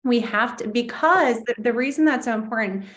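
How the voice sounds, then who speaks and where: Gentle, thoughtful woman host. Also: fairly high pitch. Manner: gentle, thoughtful, with halting restarts. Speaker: podcast host. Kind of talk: casual interview chat.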